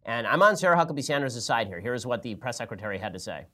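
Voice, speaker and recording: A man's voice: mid-range voice, very animated, quick pace, bright, forceful tone. Talkative male podcast host. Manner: conversational, explaining at length. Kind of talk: political commentary podcast.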